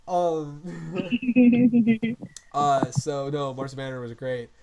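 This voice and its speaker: A young man co-hosting a podcast in casual chat, excitable and gushing, swearing freely as he talks. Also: mid-range voice, slow, a loud crowd. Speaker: podcast co-host.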